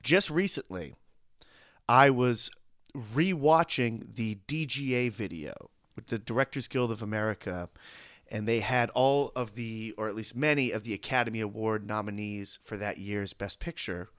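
A man's voice: fairly low pitch, normal speed, fairly bright tone, dry recording. A man co-hosting a movie podcast, telling a story in a chatty, casual way. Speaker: podcast co-host.

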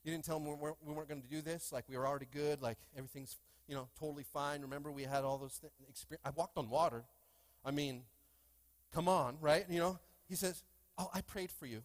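A man preaching a lively sermon in a church, with call-and-response and playful asides to the congregation. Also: fairly high pitch, fast talker. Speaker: pastor. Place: church sanctuary.

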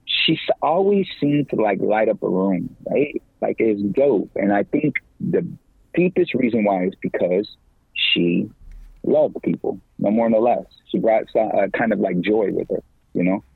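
Middle-aged male evangelist guest, slangy and animated; husky, dry and tinny like a phone. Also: unhurried, no echo. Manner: animated, slangy, pitch leaps when excited. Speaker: podcast guest, evangelist and campus minister. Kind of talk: casual faith talk.

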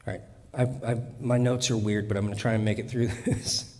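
A man's voice: on the low side, steady tone, a little fast, a little mellow. Guy preaching, chatty and joking, stumbles a bit, long echo in the hall. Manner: conversational and humorous, with restarts. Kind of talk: sermon.

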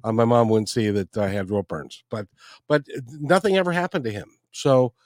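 Hesitant man with halting speech. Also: medium pitch, very animated, a little mellow, no room sound, clean studio sound. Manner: hesitant, halting, many restarts. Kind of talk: conversational storytelling.

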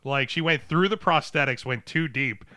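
Bright-voiced man sharing movie trivia. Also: medium pitch, normal speed, no room sound, clean studio sound. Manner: shares movie trivia, quizzes the others. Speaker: podcast co-host. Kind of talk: casual movie review chat.

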